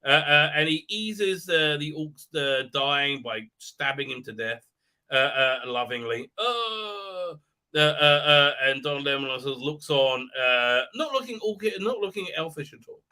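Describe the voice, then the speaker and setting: A man's voice: fairly high pitch, unhurried, bright, forceful tone, clean tone. A man hosting a live stream, giving a sarcastic, rambling recap with many "uh, uh" hesitations and sneering asides.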